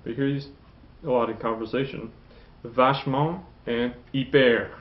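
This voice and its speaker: A man's voice: medium pitch, fairly even intonation, muffled recording. Man teaching French, lots of okays. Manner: explains slowly, says "okay" often, repeats model phrases. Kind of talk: classroom lesson.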